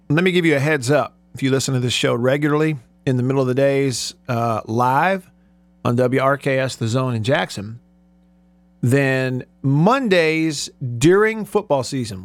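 A man hosting a casual sports radio show from a studio, chatty and quick to laugh. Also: medium pitch, no echo. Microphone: studio microphone.

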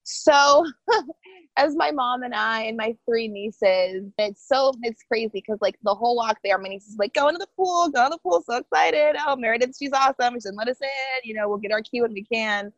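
Woman guest, animated storytelling, slightly high voice, dry dull recording. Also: moderate pace, no room sound. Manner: animated, quotes others in lively voices. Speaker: podcast guest. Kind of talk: casual storytelling chat.

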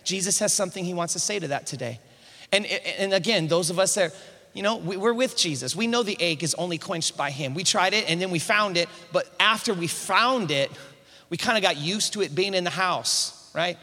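Man, preacher, high bright voice, call-and-response sermon, long hall reverb. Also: a little fast. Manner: repeats words at starts of phrases.

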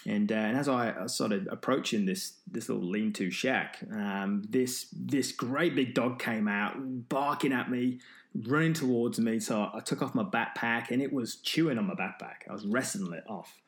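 A man's voice: mid-range voice, normal speed. A man who is an endurance runner, telling a story as an interview guest, rambling with many restarts. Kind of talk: storytelling in conversation.

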